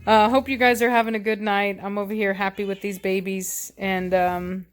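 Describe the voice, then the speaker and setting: A woman's voice: mid-range voice, flat delivery, moderate pace. A woman, a dog breeder rambling through a casual story at home. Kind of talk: casual vlog chat. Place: home indoors with puppies.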